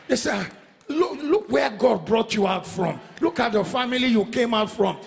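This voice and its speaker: A middle-aged male pastor with a Nigerian accent preaching a fervent sermon, chanting and singing refrains and swinging from loud calls to hushed passages. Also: very high-pitched, animated, moderate pace, gravelly. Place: church service.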